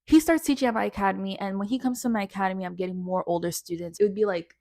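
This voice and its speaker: A young Canadian woman tells a story in a casual vlog, racing through it in a mid-range voice and animatedly acting out what other people said. The recording is dry and studio quality.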